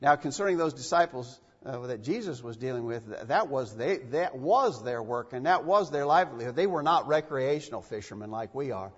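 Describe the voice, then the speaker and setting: Husky preacher in an echoey hall. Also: male voice, medium pitch, animated, fairly quick, hardly any pauses. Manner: emphatic, repeats phrases for stress. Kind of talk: sermon. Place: church. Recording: dull, echoey church recording.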